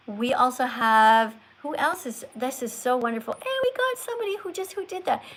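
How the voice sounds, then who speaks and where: A woman with a slightly high voice hosts a live stream, talking straight to her viewers. She sounds earnest and preachy, pleading with them and reading out their names to thank them. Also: fairly bright tone, rough recording. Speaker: livestream host.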